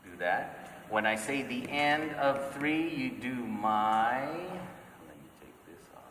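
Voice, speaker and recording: A man leads a note-reading class with slow, deliberate speech, counting beats aloud and often asking "okay?" His voice is bright and carries a long echo from a church hall. He is recorded from a distance, with a faint hum of the room behind him. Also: mid-range voice, expressive. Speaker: music teacher. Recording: echoey church hall from far off.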